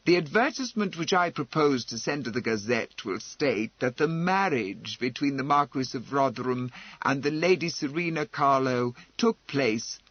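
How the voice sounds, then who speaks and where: A man's voice: mid-range voice, husky, no room sound, lo-fi sound. A man reading a proud, derisive marquess who speaks in an abrupt, commanding and mocking way.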